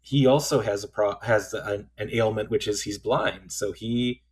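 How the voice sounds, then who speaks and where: A man co-hosting a podcast, talking through a film in a thoughtful, halting way, often restarting his sentences. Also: lowish voice, fairly even intonation, slight background noise. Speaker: podcast co-host. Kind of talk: casual film discussion.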